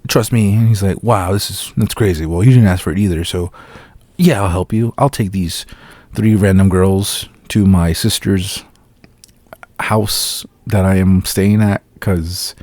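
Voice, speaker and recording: A man hosting a casual, profane solo film review, sarcastically acting out scenes in quick asides. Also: low-pitched, a little mellow, no room sound. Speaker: podcast host reviewing a film.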